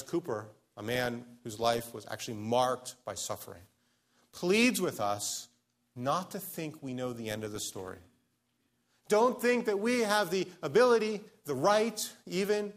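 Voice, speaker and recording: A man preaching a sermon as pastor to his church, earnest and pleading, slowing down to stress key lines. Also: fairly high pitch, lively intonation. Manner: earnest, pleading, slows down for emphasis.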